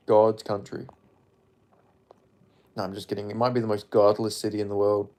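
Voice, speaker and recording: A man's voice: fairly low pitch, little pitch movement, normal speed, a little mellow. Australian man, casual live-stream chat, rambling, jokey, swears, mumbled asides. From Perth, Western Australia.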